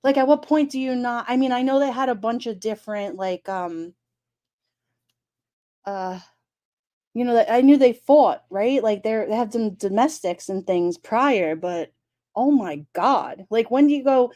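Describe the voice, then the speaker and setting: A woman chatting casually on a live stream, animated and incredulous, often exclaiming. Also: on the high side, measured pace. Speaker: streamer talking true crime.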